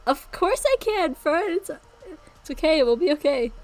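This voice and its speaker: Woman doing an eager, halting young guy. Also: high voice, lively intonation, darkish tone, pitched above the performer's own voice, poor audio. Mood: reassuring. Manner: halting, repeats words. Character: young man, eager to help, reassuring.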